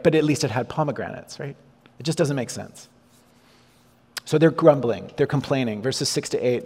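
A man preaching a sermon, animated, acting out the lines of the people, Moses and God as he goes. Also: mid-range voice. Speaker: pastor. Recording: long hall reverb.

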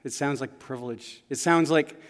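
In a church sanctuary, a male pastor with a medium-pitched voice preaches at a moderate pace. His sermon unfolds through earnest, conversational stories, and the recording carries the long reverb of a large church hall.

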